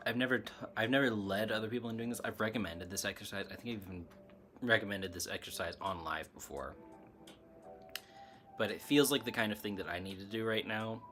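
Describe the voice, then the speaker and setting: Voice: low-pitched, a bit bright. A spiritual livestream host chatting casually through a bout of hiccups, rambling and laughing often.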